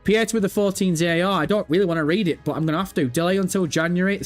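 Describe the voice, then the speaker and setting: Male streamer, crude and playful, slightly raised pitch, faint music bed. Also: fast talker, hardly any pauses. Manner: profane, jokey banter, mock-insulting viewers. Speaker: livestream host. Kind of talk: casual live chat reading comments.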